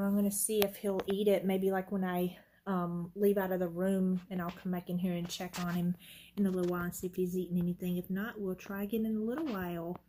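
A woman's voice: medium pitch, a little hiss or hum. A woman chatting casually in a home vlog, cooing tenderly at her cat and talking to the camera. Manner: coos and baby-talks to the cat, soft and tender. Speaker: pet vlogger. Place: room at home. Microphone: handheld camera.

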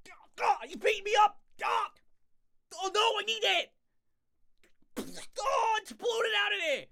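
A young man playing a hyper, fast-talking scout character from a game in a comic impression, frantic and yelping. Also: extremely high pitch, pushed and bright, full character voice.

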